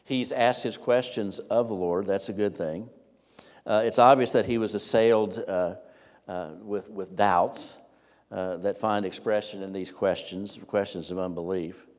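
A man's voice: fairly low pitch, a little mellow. A man preaching a sermon, asking rhetorical questions and checking in with the congregation in a conversational way. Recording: long hall reverb.

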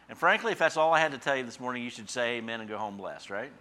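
A man's voice: mid-range voice, lively intonation, rapid-fire, few pauses, bright, forceful tone. A middle-aged man preaching a casual, folksy Bible sermon, with plenty of fillers and restarts and sudden bursts of emphasis on key phrases. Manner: punches key phrases by suddenly raising his voice. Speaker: pastor and Bible teacher. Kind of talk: conversational radio sermon.

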